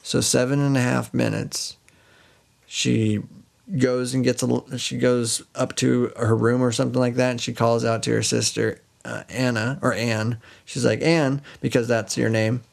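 Gravelly man retelling a fairy tale. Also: mid-range voice, level tone, normal speed. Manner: rambling, self-correcting. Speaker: podcast co-host. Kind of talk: casual storytelling.

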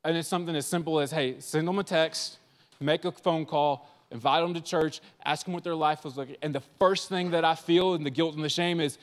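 A man preaching a lively youth sermon at a conference, acting out quick voices of the people in his stories. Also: fairly high pitch, in a large hall. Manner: animated, acts out voices of listeners and biblical figures. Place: large church hall.

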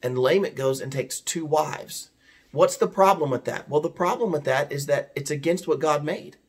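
A man's voice: a little high, moderate pace. A man giving a conversational Bible teaching, earnest and explaining, asking his listeners rhetorical questions.

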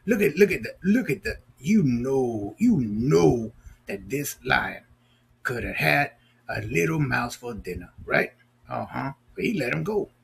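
Playful guy reading a story to kids, super gravelly and raspy, asks lots of questions. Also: medium pitch, very animated, unhurried. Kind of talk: storybook read-aloud with asides.

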